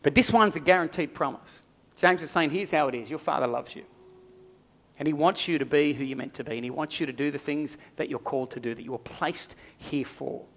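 Middle-aged male pastor, slightly high voice, emphatic sermon delivery with repetition. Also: fairly quick, fairly bright tone. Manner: emphatic preaching with repeated phrases and prayerful asides.

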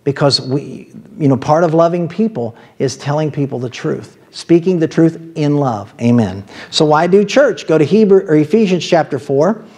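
Male pastor with an Ohio accent, slightly high voice, chatty sermon delivery with asides. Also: normal speed, hardly any pauses, dark tone, breathy edge. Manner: conversational preaching with asides and laughs.

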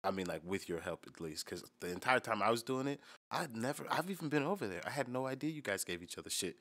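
A man's voice: medium pitch, animated, quick pace. An American man casually reacting to a video with profane, joking banter. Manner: profane, loud, laughing banter. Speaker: reaction streamer.

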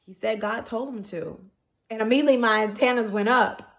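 A woman's voice: on the high side, brisk, muffled recording. Earnest woman giving her testimony. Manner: earnest, repeats herself, keeps checking in with listeners. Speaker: prophetess. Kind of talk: personal religious testimony to viewers.

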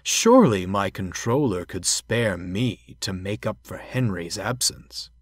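A man voicing a polite, smooth-talking male diesel engine who speaks formally and courteously. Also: fairly low pitch, animated, a little slow, no echo, studio quality.

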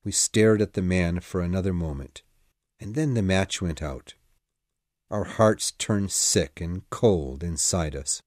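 A man narrating an audiobook in a dramatic, measured storytelling manner. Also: sits low, a little mellow, no echo, clean studio sound. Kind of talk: scripted narration.

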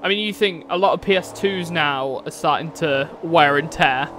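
A rambling man with a fairly high voice chats casually to his viewers while he plays, cursing now and then. Loud racing car engine noise runs behind him the whole time. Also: moderate pace. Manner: rambling, chatty, swears casually. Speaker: streamer. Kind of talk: casual live-stream chat while racing. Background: racing game engine noise.

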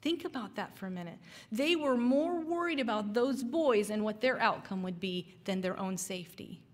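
A woman teaching a Sabbath School lesson, telling a story and preaching with earnest, dramatic pauses in a church. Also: medium pitch, lively intonation, long reverb tail. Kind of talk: storytelling sermon. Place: church hall.

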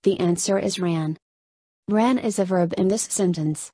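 Mellow, slow-reading woman teacher. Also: lowish voice, husky, no echo. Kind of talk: scripted lesson narration.

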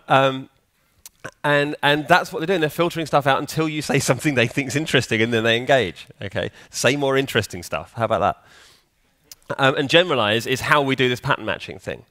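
A man speaking from a conference stage in a loose, chatty way, tossing questions out to the crowd and answering them himself. His voice sits at an everyday middle pitch. The sound is dry and close, with almost no room echo. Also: brisk, fairly bright tone. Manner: conversational, quizzes the audience. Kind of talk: conference talk. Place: conference hall.

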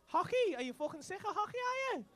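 A man's voice: very high voice, very animated, fast talker, sharp tone. A man doing cheeky, sweary crowd work as a stand-up comedian in a comedy club. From England. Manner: cheeky, sweary banter with the audience. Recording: live club recording with crowd noise.

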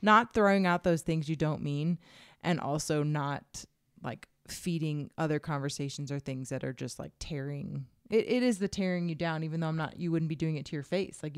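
A woman co-hosting a casual advice conversation, feeling her way through each thought with restarts and easy laughs. Her voice sits low for a woman and is recorded dry and close. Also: clear, resonant tone, no echo. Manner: halting, many restarts, laughs easily. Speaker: podcast co-host.

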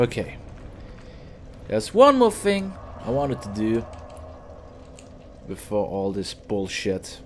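A man from Austria commentating his own gameplay as a gaming YouTuber, swearing, yelling at enemies and laughing at his own mistakes. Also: on the low side, huge pitch swings, slow pace, long pauses, a little hiss or hum. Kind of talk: let's play commentary.

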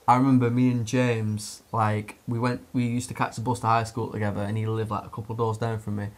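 A young man telling a long story in casual podcast chat, swearing often, laughing and using lots of fillers. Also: medium pitch.

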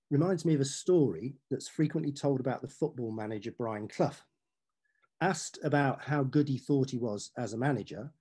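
Measured male speaker, mellow and slightly husky, reading verse in an online talk. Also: mid-range voice. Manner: measured, savouring delivery. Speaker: author and poetry teacher.

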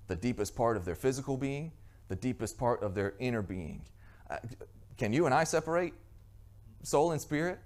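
A man preaching a sermon as pastor, earnest, with frequent restarts and rhetorical questions to the congregation. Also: lowish voice.

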